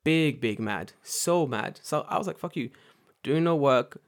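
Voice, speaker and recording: A man's voice: fairly high pitch, lively intonation, a little slow. A man co-hosting a podcast, telling a story in casual chat, swearing freely and mimicking others in sarcastic voices. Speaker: podcast co-host.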